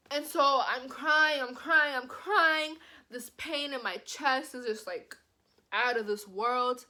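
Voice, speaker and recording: A young woman tells a storytime vlog in a loose, chatty way, leaning on "like" between phrases. Her voice sits a bit higher than most women's. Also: takes it slowly. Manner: animated, says "like" constantly. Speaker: vlogger.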